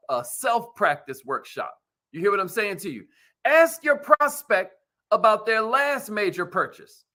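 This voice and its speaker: A man with a high, very bright and forceful voice gives an energetic motivational business talk. He talks in casual slang and keeps asking his listeners whether they follow him. His delivery leans preachy and punchy. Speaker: host.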